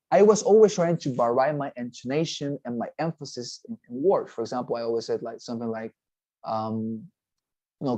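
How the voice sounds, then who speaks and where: A man's voice: mid-range voice, warm tone, dry recording, low-quality recording. A man teaching a test-preparation lesson, explaining step by step, often checking in with "okay?" and restarting phrases. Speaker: TOEFL teacher. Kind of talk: recorded class lecture.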